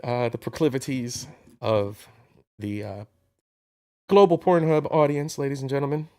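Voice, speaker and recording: A man's voice: mid-range voice, steady tone, unhurried, a little mellow. A man hosting a casual reaction commentary, mocking and profane as he reads through a list. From Ohio. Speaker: commentary host.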